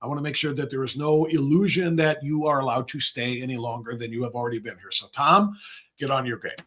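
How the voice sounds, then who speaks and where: A man's voice: medium pitch, steady tone, fast talker, a bit bright. A middle-aged man hosting a livestream, giving rambling, sarcastic political commentary. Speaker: host.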